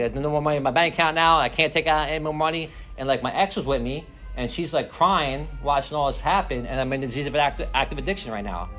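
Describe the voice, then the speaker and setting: A man's voice: mid-range voice, fairly bright tone. Profane rambling man sharing his recovery story. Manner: rambling, profane, streetwise slang with constant "like" and "right?". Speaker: recovery meeting speaker. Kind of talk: personal recovery share.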